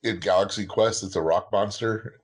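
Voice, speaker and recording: A man's voice: fairly low pitch, steady tone, moderate pace. A man co-hosting a casual movie podcast, making wry quips about what is on screen. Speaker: podcast co-host. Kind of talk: casual movie-review chat.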